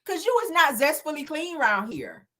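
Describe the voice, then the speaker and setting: A woman's voice: high-pitched, moderate pace. A woman hosting a casual celebrity gossip show, sassy and profane, laughing often and talking straight to her viewers. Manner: animated, dramatic emphasis.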